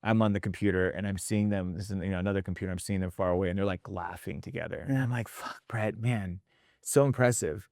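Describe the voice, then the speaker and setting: Lively low-voiced man telling stories. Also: rapid-fire, hardly any pauses, dry recording, studio quality. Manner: animated storyteller, acts out quotes, tags lines with "right?"; casual, mild swearing. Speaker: restaurant leadership founder and host. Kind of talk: casual podcast conversation.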